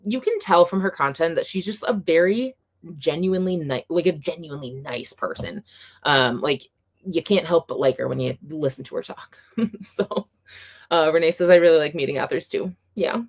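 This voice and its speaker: A woman's voice: low-pitched, normal speed. A woman hosting a casual livestream, chatting in an upbeat way and reading viewer comments aloud, with plenty of fillers and light laughs. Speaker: livestream host reading chat.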